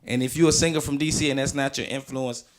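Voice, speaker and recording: A man in his twenties from Washington, D.C., a guest singer talking in a relaxed, slangy radio chat and laughing often. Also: medium pitch, fast talker. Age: 20s.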